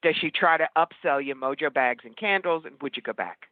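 Female interview guest, psychic medium, brisk and blunt, phone-quality line. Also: low-pitched, no room sound. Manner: blunt, opinionated, brisk storytelling. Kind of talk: casual interview conversation. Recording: tinny phone-like line, dry.

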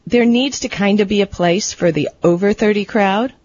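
A woman's voice: mid-range voice, normal speed, a little mellow. A woman co-hosting a tech radio talk show, chatty and laughing easily. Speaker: co-host. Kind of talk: casual radio chat. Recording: slightly dull radio audio with faint noise.

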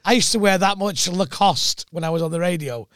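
A man's voice: high-pitched, fairly quick, a bit bright, clear, resonant tone, no room sound, studio quality. A man, a comedian and former radio DJ, joking through casual anecdotes. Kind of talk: casual chat.

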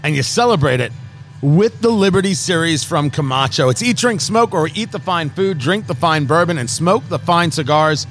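High-voiced joking man from the East Coast. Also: expressive, normal speed, fairly bright tone, soft background music. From Brooklyn and New Jersey. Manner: brash, joking, showman-like teasing. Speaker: podcast host. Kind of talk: casual cigar review chat.

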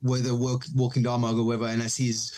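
A man born in Israel sits in on a relaxed podcast chat. He tells stories with animation, slipping into other people's voices as he goes. His voice sits in the middle of the range. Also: mid-range voice, fast talker. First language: Hebrew. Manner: animated storytelling, acts out quoted voices, laughs often. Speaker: podcast guest, DJ and producer. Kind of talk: casual chat.

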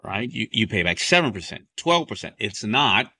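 A man hosting a podcast who explains business ideas in an animated, casual way with quick everyday examples. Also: on the low side, slightly rough, no room sound. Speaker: podcast host.

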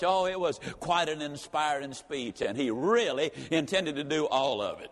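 A man's voice: fairly high pitch, expressive, normal speed, few pauses. A man telling a story as a motivational talk, running on with dramatic build. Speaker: motivational speaker. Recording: long reverb of a large hall.

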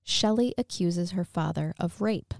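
A woman's voice: fairly low pitch, unhurried, vocal fry, darkish tone, dry recording, studio quality. A woman hosting a podcast, casually retelling a true crime case with wry asides. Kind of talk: casual storytelling chat.

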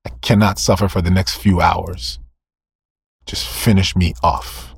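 A man's voice: low-pitched, flat delivery, measured pace, creaky, slightly rough, no room sound, voice pushed down, full character voice. A male preacher voicing a dying old king who begs to be finished off, in a faint, pleading whisper. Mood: desperate pleading. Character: dying old King Saul begging for death.

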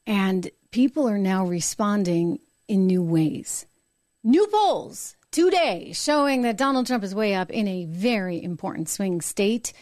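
A woman's voice: darkish tone, dry recording. Woman hosting a political stream, fired up and emphatic, keeps repeating herself, dry close mic. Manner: emphatic and indignant, repeating phrases, pitch jumping up when worked up. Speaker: political talk show host. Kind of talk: live-streamed political commentary.

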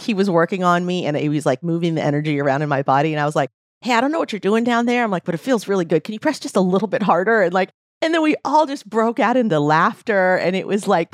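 A woman's voice: on the low side, dry recording, clean studio sound. A woman hosting a podcast in casual conversation, a bubbly storyteller who laughs often. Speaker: podcast host.

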